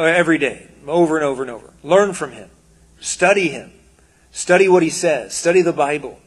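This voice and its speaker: A man giving a casual, conversational sermon, animated and full of quoted asides. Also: fairly high pitch, breathy edge. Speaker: preacher.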